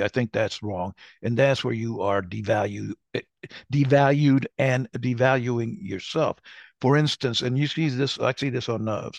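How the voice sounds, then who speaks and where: A man's voice: mid-range voice, no echo. An older man chatting casually as co-host, telling rambling stories and often restarting his sentences. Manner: rambling, self-correcting storyteller. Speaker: podcast co-host. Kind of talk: casual conversation.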